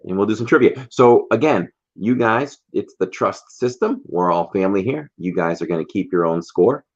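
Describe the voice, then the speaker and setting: A man's voice: on the low side, animated, normal speed, muffled recording. A man hosting a casual livestream chat, reading out viewer comments and greeting viewers by name. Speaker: livestream host.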